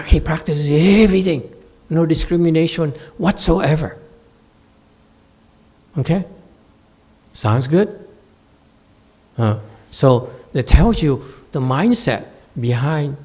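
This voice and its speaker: A male Buddhist teacher lectures on a sutra at an unhurried pace and a middle pitch. He stops often to check that his listeners follow, fills pauses with hesitations, and teases the audience in playful asides. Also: darkish tone. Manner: slow, halting with many fillers, asks listeners to confirm. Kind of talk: Dharma lecture. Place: meditation center hall.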